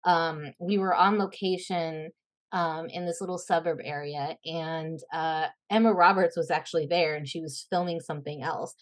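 A young woman, an actress and podcast guest, chatting casually and telling animated stories, acting out the voices she quotes and laughing often. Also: sits low, moderate pace. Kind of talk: casual interview chat.

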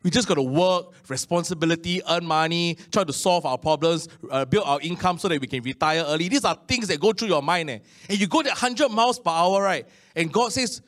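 With a slightly high, somewhat bright voice, a middle-aged preacher with a Singaporean English accent gives a conversational sermon. He says "Amen" often and lingers on slow, emphatic phrases.

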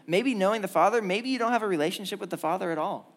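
A young man preaching to a church gathering, earnest and full of lively stories. His voice sits a little high and carries through a church hall. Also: quick pace. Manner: animated storytelling, lively and earnest. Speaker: pastor. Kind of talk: sermon.

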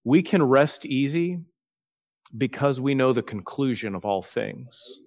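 A man preaching a sermon, earnest and plainspoken, slowing down and softening his voice for quoted prayers. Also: medium pitch, lively intonation, creaky, dry recording, clean studio sound. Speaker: pastor.

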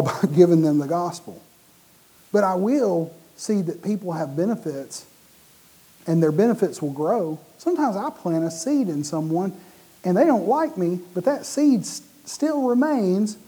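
A man preaching a sermon, animated and often restarting or repeating his words mid-sentence. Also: high voice, normal speed, slightly rough.

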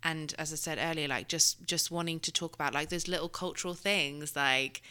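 A woman's voice: deep voice, fairly even intonation, normal speed, pushed and bright, clean tone. A woman with a British accent that drifts toward American, chatting in a conversational interview and leaning on fillers like "you know". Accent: British, shifting toward American. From Britain.

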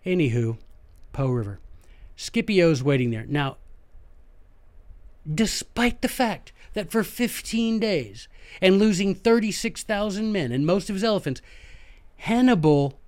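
A man with a Southern American drawl tells history on his podcast like he's chatting with friends. He's animated and folksy, and he talks right to his listeners. His voice sits a bit high for a man. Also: slow pace. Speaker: podcast host. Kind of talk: casual history storytelling.

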